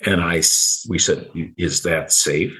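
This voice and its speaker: A middle-aged man recounting a personal story in conversation, halting and repeating words, with small chuckles. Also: low-pitched, bright, forceful tone, rough recording. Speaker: guest.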